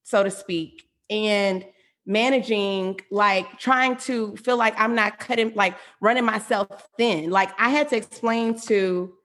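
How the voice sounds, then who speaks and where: A woman in casual podcast chat, supportive, adding quick affirmations. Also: mid-range voice, steady tone, a bit bright. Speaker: co-host.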